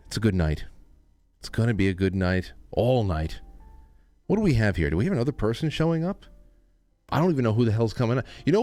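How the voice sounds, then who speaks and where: A man hosting a call-in show, talking casually and rambling with many halting restarts. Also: mid-range voice, darkish tone, dry recording. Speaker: host. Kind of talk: casual chat.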